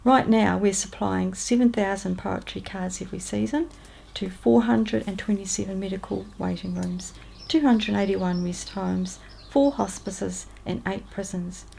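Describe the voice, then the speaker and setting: A woman's voice: medium pitch, unhurried, creaky, a little hiss or hum. A woman with a New Zealand accent reading aloud her own letters, in a chatty, upbeat way. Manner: warm, chatty letter-reading with lively lifts on greetings.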